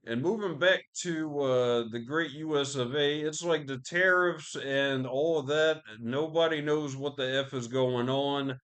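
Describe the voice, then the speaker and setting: This podcast host speaks in a slightly high, fairly bright voice, unhurried and with few pauses. His casual news rant is profane and rambling, packed with fillers and restarts.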